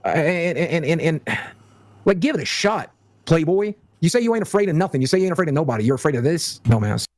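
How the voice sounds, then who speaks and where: A man's voice: a little high, expressive, fast, darkish tone, dry recording. A man chatting on a stream, rambling through his opinions with lots of fillers. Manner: rambling, many fillers, casual swearing.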